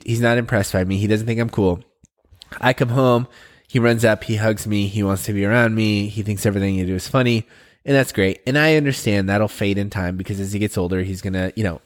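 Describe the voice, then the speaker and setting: Easygoing low-voiced man chatting. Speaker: podcast co-host. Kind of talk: casual chat.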